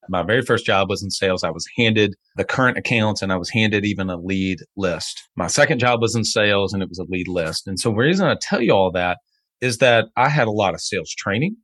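A man's voice: on the low side, a bit bright, no room sound. A man hosting a podcast interview, talking. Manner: conversational, reads ad copy briskly. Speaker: podcast host.

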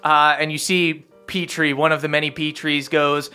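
A woman's voice: sits low, level tone, normal speed, hardly any pauses, sharp tone, smooth, soft background music. A woman narrating a comedic tabletop game as game master, setting scenes playfully.

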